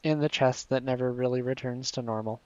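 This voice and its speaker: A man's voice: mid-range voice, fairly even intonation, fairly quick, a little mellow, clear, resonant tone, no room sound, lo-fi sound. A man casually commenting on his gameplay, playful and a bit sleepy, chatting to his viewers and the creatures on screen. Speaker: streamer.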